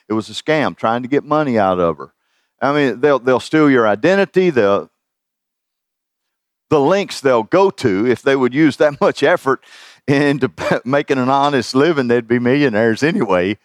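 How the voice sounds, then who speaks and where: A man's voice: medium pitch, no room sound, clean studio sound. A middle-aged man preaching a sermon in a folksy, conversational way, chuckling at his own asides. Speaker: pastor.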